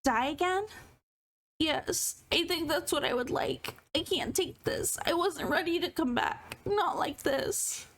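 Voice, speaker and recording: A woman's voice: high voice, measured pace, fairly bright tone. A woman reading a comic aloud, voicing a grieving teenage girl ghost who pleads and sobs. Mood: despairing. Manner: sobbing, pleading, trembling. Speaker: streamer.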